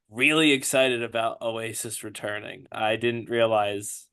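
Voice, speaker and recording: A man's voice: medium pitch, flat delivery, measured pace, fairly bright tone, clean tone. Rambling, hesitant podcast host man. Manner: rambling, hesitant, many fillers and laughs. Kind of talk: casual chat.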